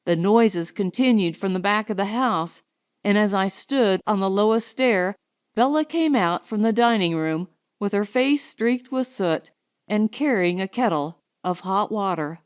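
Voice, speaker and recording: A woman narrating a novel as an audiobook in a measured, expressive way. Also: medium pitch.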